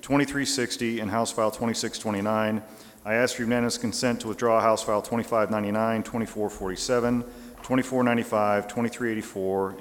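A man, a state representative, making formal motions and reading lists of bill numbers in a brisk, businesslike way in a large chamber. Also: fairly low pitch. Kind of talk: formal motions in a legislative session. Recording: long echo of a large chamber.

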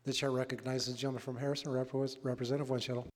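Man, presiding officer, monotone procedural calls, echoey chamber. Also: medium pitch, racing. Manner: steady rote announcing of motions and votes. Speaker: presiding speaker of a state house. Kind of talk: formal procedural chairing. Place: legislative chamber. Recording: echoey hall from a chamber mic.

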